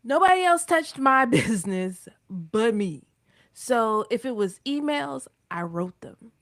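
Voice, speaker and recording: A woman with a Southern accent from North Carolina, talking in an emphatic, animated way and slipping into other voices when she quotes people. Her voice sits a little high and her delivery is slow and drawn out. The sound is dry and close. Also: no echo. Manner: emphatic, acts out quoted speech in shifting voices. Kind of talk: casual chat on a live broadcast.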